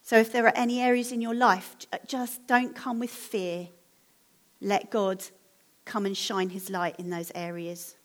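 A woman delivers a sermon to her church congregation in an earnest, encouraging tone. Her voice sits at an ordinary middle pitch for a woman. She speaks gently and appeals warmly to her listeners. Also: level tone, measured pace. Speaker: preacher.

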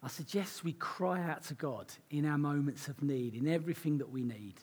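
Hoarse, earnest male preacher. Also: a little high, moderate pace, darkish tone. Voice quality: husky, croaky. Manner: earnest, conversational preaching with asides. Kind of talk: sermon.

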